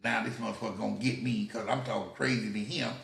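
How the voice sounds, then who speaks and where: An older man, his voice on the low side, creaky and fairly bright with fairly even intonation, talks at a quick pace in an echoey room. In casual podcast talk he tells stories about his youth, acting out other people's voices, swearing freely, and laughing often.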